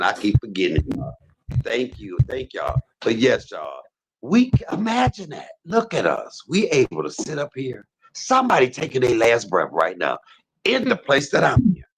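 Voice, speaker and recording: Gravelly man preaching from a hospice bed. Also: lowish voice, wildly swooping pitch, moderate pace, background noise. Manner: gravelly, husky voice, preachy and emphatic. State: in pain. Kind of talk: casual preaching talk. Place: hospice room.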